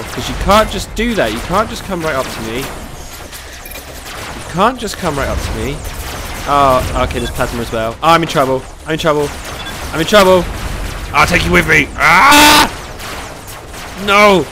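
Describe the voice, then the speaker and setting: A man with a cold giving excitable live commentary over his own gameplay, cheering on teammates and talking to himself. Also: a little high, fast talker, noisy background. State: has a cold.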